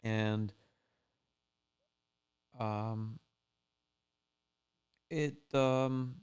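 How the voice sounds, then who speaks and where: Easygoing male fishing host, loose rambling storyteller, smooth resonant tone. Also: fairly low pitch, steady tone, extremely slow, darkish tone. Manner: rambling, laid-back, full of "like" and "you know". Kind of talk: casual storytelling recap.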